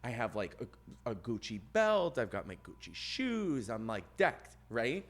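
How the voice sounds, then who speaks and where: Speaking a little slowly in a mid-range voice, a man on a podcast he co-hosts recounts a long personal story during casual conversation. He acts out the other people animatedly and grows loud as the story peaks.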